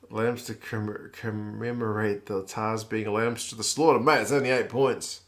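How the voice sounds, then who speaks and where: A man in his thirties with a New Zealand accent hosts a live stream, casually chatting and reading viewer comments in a laid-back, wry manner. His voice is on the low side, steady in tone and measured in pace.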